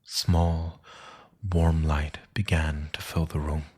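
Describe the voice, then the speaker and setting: A man with a very deep, husky voice narrates a thriller slowly and solemnly. His hushed delivery often sinks to a whisper, which keeps the telling tense and quiet. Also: level tone. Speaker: story narrator.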